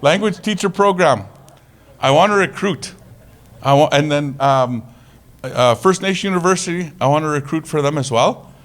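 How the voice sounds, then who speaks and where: A man presenting at a conference, talking casually, with jokes and lively storytelling. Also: on the high side, normal speed. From Canada. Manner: casual, joking, animated storytelling. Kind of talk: conference talk.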